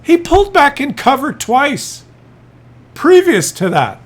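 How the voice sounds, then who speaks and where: A man's voice: extremely high pitch, huge pitch swings, slow pace. A man giving exasperated, incredulous commentary over a game replay. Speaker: gameplay commentator.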